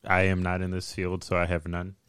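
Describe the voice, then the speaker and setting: A man quietly joking along in a casual podcast chat. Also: sits low, monotone, fast talker, clean tone, dry recording, clean studio sound.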